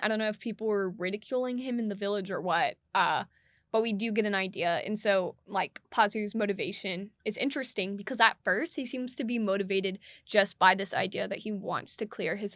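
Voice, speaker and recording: A woman's voice: mid-range voice, a bit bright, no room sound, studio quality. A woman co-hosting a podcast, discussing a film in a casual, analytical way, asking questions with frequent fillers. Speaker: podcast co-host.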